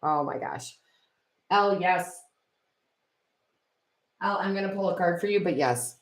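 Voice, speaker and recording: A woman's voice: lowish voice, unhurried. Emotional woman reading tarot live. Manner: emotional, effusive, tearful exclamations. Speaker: tarot reader and medium. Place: home room. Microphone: built-in computer camera mic.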